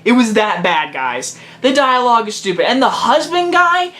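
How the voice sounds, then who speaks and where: A man's voice: very high-pitched, very animated, moderate pace, pushed and bright. A teenage boy giving a casual video movie review, blunt and emphatic, hammering his verdicts home again and again. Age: teens.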